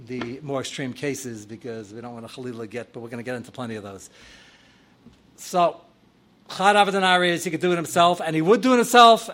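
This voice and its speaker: Animated rabbi giving a class. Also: male voice, a little high. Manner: animated, voice swelling loud when acting out examples; sprinkles Hebrew and Yiddish terms. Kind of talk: Torah class lecture.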